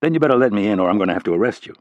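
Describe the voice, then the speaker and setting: A man's voice: fairly low pitch, lively intonation, racing, no echo, dull audio, natural voice. A man voicing a cool, clipped tough agent. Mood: cool, threatening. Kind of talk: audiobook character reading.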